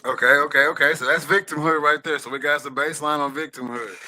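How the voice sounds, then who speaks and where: A man hosting a podcast with a bright, forceful voice pitched a little high. He chats casually and haltingly, doubling back on words and filling gaps with "you know". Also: fairly even intonation, slight background noise. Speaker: podcast host. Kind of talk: casual chat.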